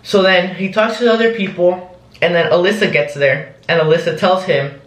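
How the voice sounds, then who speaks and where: A man's voice: sits high, fairly even intonation, moderate pace, fairly bright tone, roomy sound, poor audio. A young man recounting a story in a rambling, casual vlog, full of "like" and "um". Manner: rambling, lots of "like" and "um". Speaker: vlogger.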